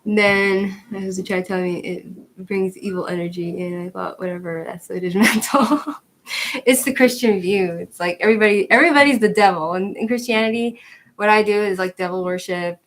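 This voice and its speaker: A woman talking in a loose, rambling way, filling her sentences with "like" and breaking into laughs. She is a bit out of breath as she works through stretches, and her voice sits at a middle pitch. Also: brisk, low-quality recording. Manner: rambling, chatty, laughs often, says "like" a lot. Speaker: tarot channel host. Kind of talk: casual chat while showing yoga moves. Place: at home with her dog.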